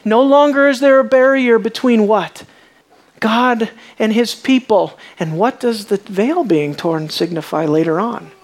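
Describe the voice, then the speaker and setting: A preacher giving a sermon, asking the listeners questions, repeating words while thinking, and moving between hushed lines and raised, emphatic ones. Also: mid-range voice, a little slow.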